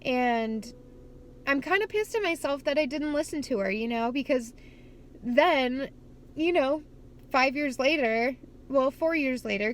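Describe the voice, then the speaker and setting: A woman's voice: high-pitched, slight background noise. A young woman vlogging in candid, casual chat. She swears freely and talks outdoors at a skate spot.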